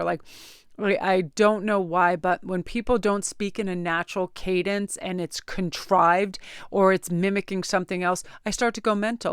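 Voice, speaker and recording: A woman tarot reader talking casually to her camera, rambling and animated as she tells everyday stories. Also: mid-range voice, normal speed, smooth, no room sound, clean studio sound. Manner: chatty, rambling, animated storyteller. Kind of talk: casual chatty vlog. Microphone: close camera-mounted mic.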